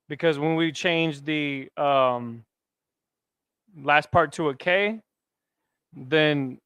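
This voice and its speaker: A man's voice: on the high side, fairly bright tone, clear, resonant tone, dry recording, studio quality. Man teaching a casual language class. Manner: casual, conversational, asks the class questions. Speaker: Hebrew teacher. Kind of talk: classroom lesson.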